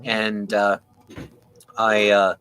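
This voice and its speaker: A man casually telling a dramatic personal story on a video call, getting animated and heated as he talks and swearing now and then. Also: lowish voice, drawn-out words, slight background noise, rough recording. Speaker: panel guest.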